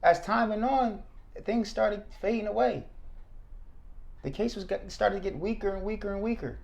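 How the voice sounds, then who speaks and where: A man, a former state trooper, telling his story as a podcast guest, animated and acting out what people said. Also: high voice, moderate pace, creaky. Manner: animated, acts out quotes. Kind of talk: casual storytelling.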